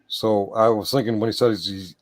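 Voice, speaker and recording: A man from the United States hosting a late-night livestream chat, rambling with halting restarts. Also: lowish voice, steady tone, no room sound. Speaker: livestream host.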